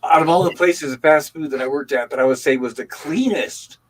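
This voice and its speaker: An older man hosting a livestream, chatting casually and telling animated stories. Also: a little high, a little fast, husky, poor audio. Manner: animated storytelling. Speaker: livestream host. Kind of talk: casual chat.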